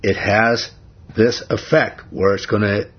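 Husky, low-voiced man preaching. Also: little pitch movement, measured pace, lo-fi sound. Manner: conversational, asks the listeners questions. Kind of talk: informal sermon, Bible study.

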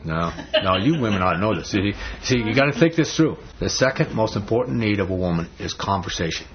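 Guy preaching to a crowd, lowish voice, chatty and repetitive, dull muffled sound. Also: lively intonation, fairly quick. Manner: conversational, repeats himself for emphasis. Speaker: speaker on marriage. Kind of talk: folksy sermon to a live audience. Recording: dull muffled recording, faint hiss.

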